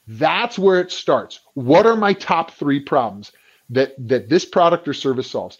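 A man talking as a business coach in a casual podcast conversation, acting out the people he quotes and often clearing his throat. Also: a little high, a little slow, highs cut off. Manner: animated storyteller who acts out quoted people.

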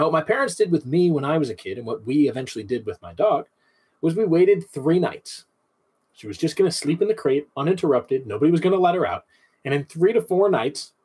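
A man's voice: medium pitch, breathy edge. A man hosting a podcast, giving casual instructional talk on dog training and explaining things conversationally with rhetorical questions.

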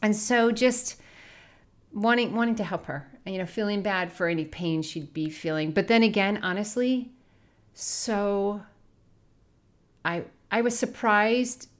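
A woman's voice: mid-range voice, a little slow. A young adult woman co-hosting a faith podcast, telling a personal story in an earnest, reflective way. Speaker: podcast co-host.

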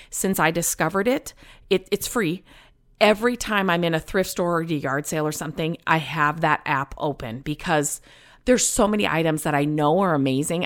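A woman's voice: deep voice, a bit bright. A woman hosting her own show, chatting casually and rambling, with many fillers, restarts and easy laughs. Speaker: podcast host. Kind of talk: casual solo chat.

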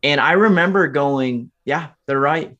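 A man's voice: fairly high pitch, measured pace, bright, forceful tone, highs cut off. A man in his twenties, a podcast guest, telling his life story in an earnest, motivational way and often turning to the listeners directly. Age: 20s. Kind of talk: candid storytelling interview.

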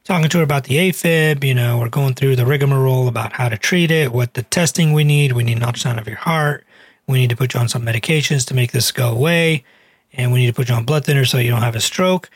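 A man's voice: mid-range voice, fast, husky, no echo, clean studio sound. A man who is a cardiologist and weight loss doctor, telling a patient story in a chatty, earnest podcast manner. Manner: earnest, chatty, many fillers.

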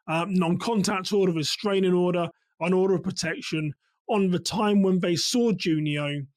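A man hosting a podcast, giving earnest, measured commentary on a crime case and repeating his key points. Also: a little high, no echo. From England. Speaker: podcast host.

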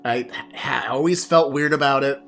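A man's voice: medium pitch, normal speed, vocal fry, a bit bright, soft background music. A man hosting his own podcast and talking alone to a camera as a coach, reflective and rambling, with many fillers and restarts. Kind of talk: solo podcast monologue.

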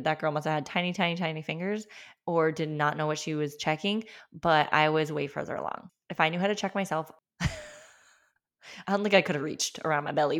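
A woman's voice: deep voice, a bit bright. A young adult woman hosting a podcast, telling a personal story in a chatty, emphatic way full of "like". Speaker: podcast host.

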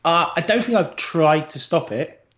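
A man's voice: fairly high pitch, expressive, a little slow, fairly bright tone. Brief: middle-aged Englishman from the Isle of Wight, easygoing guest, thinks aloud, muffled lo-fi recording. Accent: British. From Isle of Wight, England. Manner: thoughtful, with frequent fillers and restarts. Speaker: guest, agency co-founder. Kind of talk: casual conversational interview.

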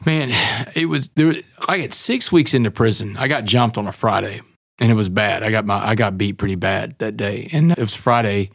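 A man's voice: fairly low pitch, normal speed, creaky, no room sound, soft background music. Dry, close-miked man telling a raw story. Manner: vivid storyteller who acts out quoted dialogue, calling the listener man and brother. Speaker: guest. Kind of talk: candid storytelling.

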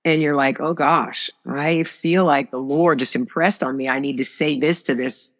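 A woman's voice: deep voice, fairly even intonation, moderate pace. Earnest woman, echoing reverb. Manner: earnest, emphatic. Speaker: guest author. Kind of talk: faith conversation.

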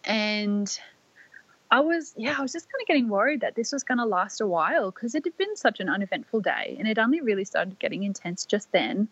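A woman's voice: medium pitch, big pitch swings, brisk, husky, no echo, highs cut off. A young woman casually and emotionally telling her birth story, with many fillers and restarts.

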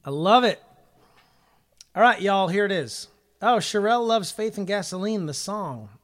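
Upbeat male worship-leader host; loose, chatty livestream delivery, slightly raised pitch. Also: animated, moderate pace. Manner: upbeat, chatty, full of ums and uhs. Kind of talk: casual livestream chat.

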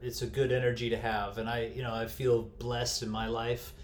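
A man guest, a health coach, telling stories in a casual interview, animated and candid, swearing freely. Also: mid-range voice, normal speed, slight background noise. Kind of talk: casual storytelling in a podcast interview. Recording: echoey room with faint ambience.

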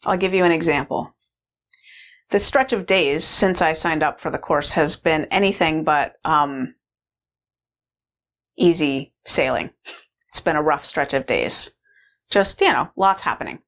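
A woman's voice: deep voice, a little slow, pauses often, a bit bright. A woman sharing a candid, reflective personal story as a course participant, with frequent fillers. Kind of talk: personal testimonial talk.

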